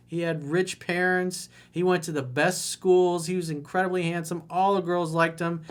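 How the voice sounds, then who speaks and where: A male dating coach talks straight to the camera in a blunt, mocking monologue. His voice sits a little higher than most men's, and he swears freely to make his points. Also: little pitch movement, moderate pace, few pauses.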